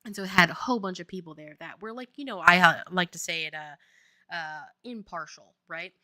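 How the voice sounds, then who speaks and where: A woman's voice: fairly low pitch, brisk, bright, forceful tone, dry recording, studio quality. A woman from Louisiana, a game developer chatting casually on a stream, rambling and laughing often. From Louisiana, US Southern. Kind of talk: casual chat on a dev stream.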